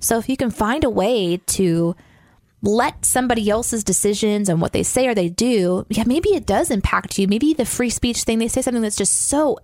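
A woman's voice: fairly high pitch, moderate pace, a little mellow, no room sound. Chatty woman podcast co-host. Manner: chatty, lots of "like" fillers. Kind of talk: casual conversation.

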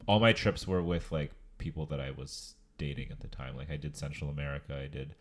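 Deep-voiced male podcast co-host, laid-back storyteller, casual swearing. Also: fairly quick. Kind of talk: casual chat.

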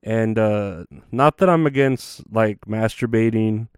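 A man's voice: lowish voice, slow pace, darkish tone, clear, resonant tone, no echo, clean studio sound. A man chatting casually on his livestream, meandering and laid-back, full of fillers and swearing. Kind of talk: rambling casual stream chat.

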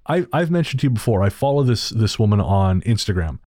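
A man's voice: on the low side, very animated, a little fast, dark tone, no echo, studio quality. A man hosting a podcast, chatting casually with sarcastic, profane jokes and frequent laughter. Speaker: podcast host.

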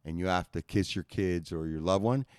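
A man's voice: low voice, normal speed, a little mellow, smooth, dry recording, studio quality. A man talking in a casual podcast chat, reflective and loosely phrased, swearing freely.

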